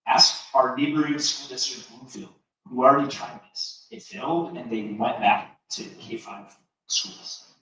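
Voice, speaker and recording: A man's voice: medium pitch, a little slow, sharp tone. A man giving a prepared public comment at a board meeting, earnest and persuasive. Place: large meeting room. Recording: echoey hall from far off, faint noise.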